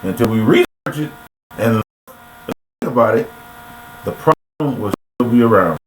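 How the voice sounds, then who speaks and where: A man's voice: mid-range voice, lively intonation, measured pace. A grown man giving a casual motivational monologue into a webcam, repetitive and preachy, full of rhetorical questions. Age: adult. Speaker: motivational speaker. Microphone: computer webcam mic. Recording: echoey room with faint mains hum.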